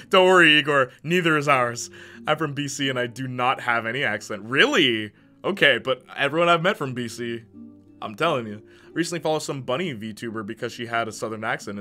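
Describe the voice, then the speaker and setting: A man streaming casually, reading chat messages aloud and reacting with quick laughs. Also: medium pitch, bright, forceful tone, faint music behind.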